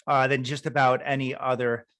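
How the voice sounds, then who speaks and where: Man, mid-range voice, eager interviewer, warm encouragement, quick to laugh. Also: medium pitch, little pitch movement. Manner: enthusiastic, encouraging, laughs often. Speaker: podcast host, interviewer. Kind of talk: casual interview.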